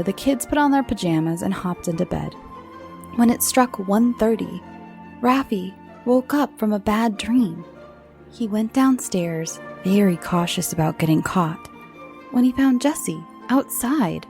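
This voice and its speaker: A medium-pitched, expressive woman's voice with a darkish tone hosts a kids' show of spooky bedtime tales. The narration is slow and dramatic, now and then falling into whispers, and faint music plays in the background.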